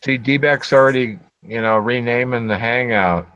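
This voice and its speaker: A man's voice: medium pitch, moderate pace, a bit bright, clean tone, no room sound. A man hosting a casual group call, talking bluntly with teasing, crude banter. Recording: dull lo-fi online call audio.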